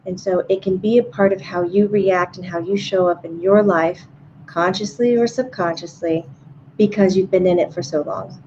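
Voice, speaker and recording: A woman calmly explaining answers she relays on a casual live stream. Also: lowish voice, normal speed. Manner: calm, explanatory, laughs easily. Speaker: medium relaying a spirit's answers. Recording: dull lo-fi audio with faint hum.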